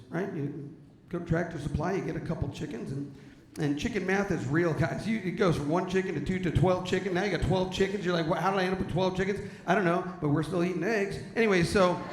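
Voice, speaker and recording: A man doing clean stand-up comedy, telling an animated story and bursting into shouts. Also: high voice, reverberant, slight background noise. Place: stage before an audience.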